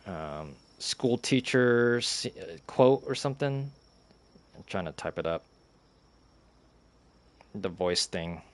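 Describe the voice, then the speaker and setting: A young man streaming a game and chatting casually, rambling with lots of fillers, restarts and giggles. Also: fairly low pitch.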